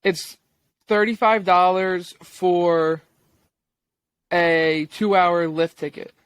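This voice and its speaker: A young man co-hosting a podcast, chatting casually in a relaxed, rambling way with plenty of slang. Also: high-pitched, very slow, clean tone, no room sound. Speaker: podcast co-host. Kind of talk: casual chat.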